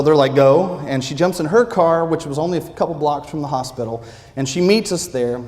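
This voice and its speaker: A man preaching, telling a lively personal story with acted-out quotes in a church. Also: fairly high pitch, a little fast. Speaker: pastor. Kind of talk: sermon storytelling. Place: church sanctuary. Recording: long reverb of a church sanctuary.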